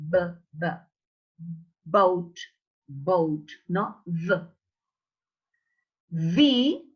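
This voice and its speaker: Slow, husky-voiced woman teaching English. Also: mid-range voice, a bit bright, highs cut off. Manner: demonstrates sounds slowly, repeating words. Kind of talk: online class lesson.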